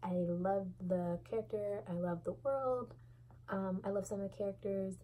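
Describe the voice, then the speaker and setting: A woman's voice: medium pitch, fairly even intonation, moderate pace, warm tone, a little hiss or hum, poor audio. A young woman from the States, chatting candidly and expressively about books she has read. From Southern United States. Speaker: book vlogger. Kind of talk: casual book review chat.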